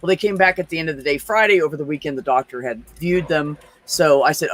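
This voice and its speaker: Man guest on a casual chat show, slightly higher voice, animated, freely profane. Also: fast, hardly any pauses. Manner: animated, swears freely, storytelling.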